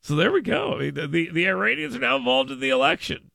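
A man hosting a talk radio show, delivering a sarcastic, mocking monologue that swings from mutters to loud outbursts. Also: sits high, sing-song, fast, vocal fry, no echo.

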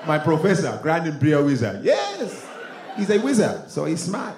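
A man's voice: on the high side, huge pitch swings, moderate pace, crowd noise, background noise. Crude, laughing man in an echoey club. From United States. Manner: crude, laughing through his lines. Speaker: stand-up comedian. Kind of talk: stand-up comedy. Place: comedy club.

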